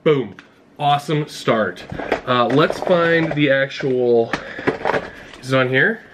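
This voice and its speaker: A man vlogging an unboxing in an excitable, casual way, talking straight to his viewers. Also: mid-range voice, slow, noisy background. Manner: excitable, talks to viewers directly. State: out of breath. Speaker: fishing vlogger.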